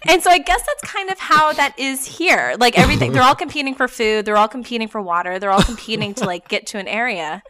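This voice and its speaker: Bright young woman co-host, animated storyteller who acts out voices, pitch a touch high. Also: quick pace, hardly any pauses. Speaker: podcast co-host. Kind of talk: casual chat.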